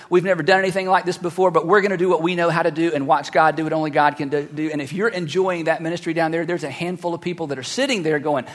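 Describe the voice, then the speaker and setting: A male pastor preaching a sermon, acting out the Bible dialogue and swinging from hushed asides to loud, animated bursts. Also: on the high side, quick pace, hardly any pauses, big-room sound.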